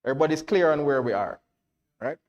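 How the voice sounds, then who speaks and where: A Jamaican man preaching a sermon to a congregation in church, checking that everyone follows and rising to loud, emphatic declarations. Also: fairly high pitch, lively intonation, fast talker, muffled recording.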